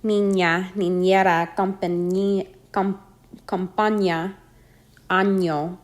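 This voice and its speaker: A woman teaching a pronunciation lesson, reading out example words slowly and carefully. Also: lowish voice. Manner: slow, careful, spells out sounds and repeats example words. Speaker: language teacher.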